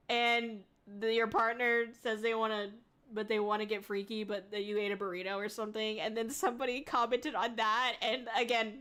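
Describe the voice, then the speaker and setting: A woman's voice: a little high, bright, forceful tone, smooth. A young adult woman VTuber streaming, chatting casually and reading chat aloud, giggling often and rambling with fillers.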